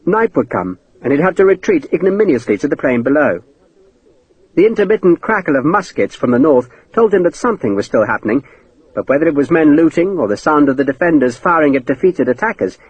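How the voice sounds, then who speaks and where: A man narrating an audiobook in a dramatic, expressive way. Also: a little high, fairly quick, slightly rough, no room sound, muffled recording. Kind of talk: scripted narration.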